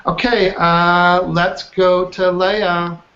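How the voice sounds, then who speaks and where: A man runs an online coaching class over a video call, staying upbeat and chatty and checking in with his students often. His voice is high and bright with a pushed quality, yet his delivery is flat and he draws his words out. The call audio sounds muffled.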